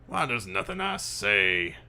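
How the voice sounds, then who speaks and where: A man voicing a loud, irate middle-aged male police captain who berates his detective. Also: fairly low pitch, big pitch swings, unhurried, gravelly, exaggerated voice. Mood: berating. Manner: shouting, berating.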